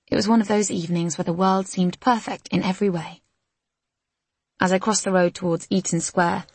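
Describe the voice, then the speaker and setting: A woman narrates a first-person novel in a soft, measured, reflective way. Her voice is slightly low and breathy. The recording is close and dry, with no room sound. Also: dry recording. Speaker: audiobook narrator.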